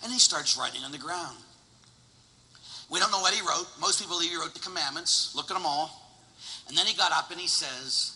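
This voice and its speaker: A priest in his forties preaching a lively sermon, swinging from loud exclamations to hushed storytelling. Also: on the high side, normal speed, gravelly. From Pittsburgh, USA. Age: 40s. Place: church. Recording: long church reverb.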